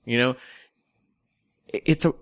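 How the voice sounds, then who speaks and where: A man's voice: unhurried, dry recording. A man co-hosting a podcast in casual chat, picking apart film details as he thinks aloud. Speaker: podcast co-host.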